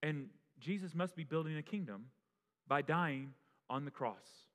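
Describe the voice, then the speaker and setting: A man's voice: fairly high pitch, lively intonation, unhurried. A pastor preaching an impassioned sermon, often restarting his phrases. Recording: long reverb of a large hall.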